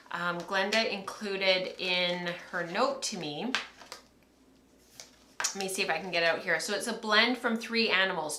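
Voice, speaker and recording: A woman in her thirties chats on a livestream from home, rambling along and laughing easily as she talks to the camera. Her voice is bright and clear, and the room around her adds a noticeable echo. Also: mid-range voice, a little hiss or hum. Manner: chatty, rambling, laughs often. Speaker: podcast host. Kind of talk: casual livestream chat.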